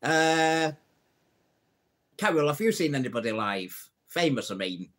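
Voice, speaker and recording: A man's voice: on the high side, expressive, a little slow, fairly bright tone. A man hosting a casual live stream, telling old jokes, reading out viewer comments and laughing at his own punchlines. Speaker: livestream host.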